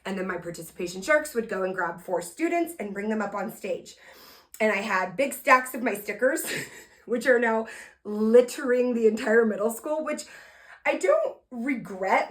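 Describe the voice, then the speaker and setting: A woman hosts a podcast and tells it like a motivational talk, lively and playful. Her voice sits a little high, and she jumps from loud emphasis to soft, earnest asides. She asks her listeners questions directly. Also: normal speed. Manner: talks to listeners directly, asking them to respond. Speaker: podcast host and motivational speaker. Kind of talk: energetic motivational storytelling.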